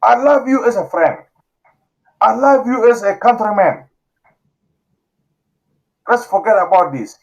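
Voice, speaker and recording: A man from South Sudan hosts an impassioned call-in talk show, his gravelly voice expressive and a little slow, with long pauses over poor audio. He pleads emotionally, repeats phrases, and lets his voice swing high and low.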